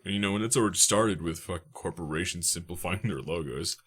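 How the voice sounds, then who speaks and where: A twenty-year-old man in casual podcast chat, swearing and laughing often, with sudden loud outbursts. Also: deep voice, fast, slightly rough.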